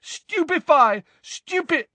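A man voicing a frightened but defiant teenage boy wizard who shouts in a high, strained voice. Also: animated, slow, no echo, heavily acted. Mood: frantic. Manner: high-pitched, shouting, frantic.

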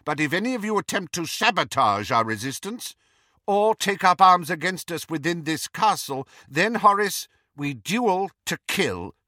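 A man's voice: high-pitched, expressive, a little slow, sharp tone, no echo, clean studio sound, voice pushed up, heavily acted. A man playing a stern older witch in command. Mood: firm. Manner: clipped, authoritative.

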